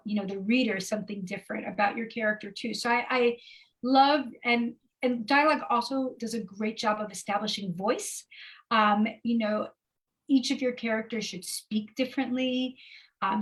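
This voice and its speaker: A woman's voice: fairly high pitch, low-quality recording. A woman author answering interview questions over a video call, chatty, with frequent fillers and asides. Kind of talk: casual interview talk. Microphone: remote video call.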